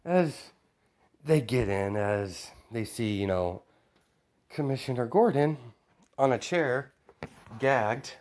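A man's voice: medium pitch, lively intonation, takes it slowly, pauses often, a little mellow. A man telling an improvised story in a loose, rambling way, with many fillers and chuckles.

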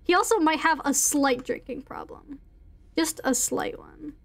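High-voiced giggly woman streamer. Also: unhurried, creaky, a bit bright. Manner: giggly, reactive, swearing, exclamatory. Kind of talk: live gaming commentary.

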